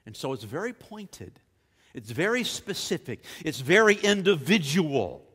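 A man's voice: a little high, very animated, unhurried, breathy edge. Man preaching a sermon in a reverberant church. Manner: emphatic, rising to forceful peaks. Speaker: pastor. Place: church sanctuary.

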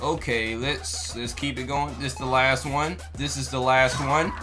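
A young man giving casual gameplay commentary, loud and excitable, yelling at the game and swearing freely in slang. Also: mid-range voice, measured pace, over music. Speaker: gaming YouTuber.

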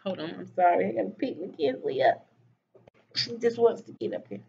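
A woman, a teacher, reading a picture book aloud to children at home on a webcam, pausing to ask them questions. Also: mid-range voice, expressive, creaky, warm tone, slightly rough. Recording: slightly dull webcam audio.

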